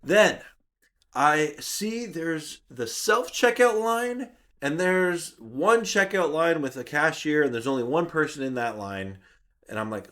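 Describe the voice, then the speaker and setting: A man vlogs a story with a lively voice that swoops up and down, pitched a touch high. He narrates with self-mocking humor, repeating himself for effect. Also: slow pace. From Canada. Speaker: YouTube channel host. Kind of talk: vlog storytelling.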